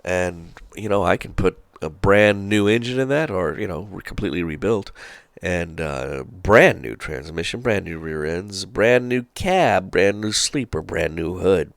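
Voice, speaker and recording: A low, gravelly-voiced man rambles through casual commentary, full of fillers and folksy asides. The sound is close and dry, with no room around it. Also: no room sound. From Charleston, South Carolina. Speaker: trucking channel host.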